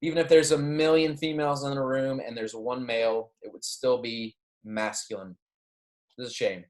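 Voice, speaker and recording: A man teaching a Spanish grammar lecture, explaining patiently, checking in often with "okay?" and "right?", and pronouncing the Spanish examples slowly and clearly. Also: mid-range voice, level tone, darkish tone. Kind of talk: recorded classroom lecture.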